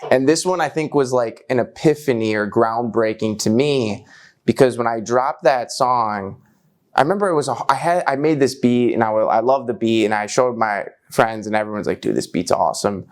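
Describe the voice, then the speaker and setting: A man's voice: medium pitch, moderate pace. A young man chatting casually, telling stories with lots of slang and filler words. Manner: animated, slangy, lots of "like" and "bro". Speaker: musician and guest. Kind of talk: casual storytelling chat.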